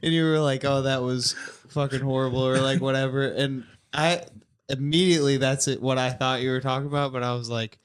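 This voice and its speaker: A man's voice: mid-range voice, steady tone, brisk, smooth. A man, a comedian, chatting casually on a podcast, easygoing and laughing often.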